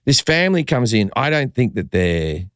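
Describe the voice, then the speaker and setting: A man's voice: medium pitch, normal speed, smooth, dry recording, clean studio sound. A man telling a story as a comedian guest on a podcast, acting out the people in it and swearing freely. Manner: animated, acts out quotes, swears freely. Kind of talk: casual storytelling.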